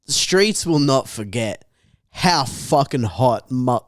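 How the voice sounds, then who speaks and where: A man's voice: mid-range voice, animated, slow, no room sound. Sweary young Australian guy, dry sound. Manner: crude, swearing, laughing banter. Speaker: podcast co-host. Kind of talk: casual chat.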